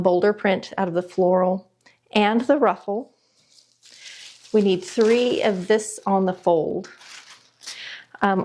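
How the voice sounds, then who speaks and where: A woman's voice: medium pitch, darkish tone. A woman talking casually through a sewing project, thinking aloud and weighing choices with frequent ums. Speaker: sewing vlogger. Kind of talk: casual sewing tutorial talk. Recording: echoey room.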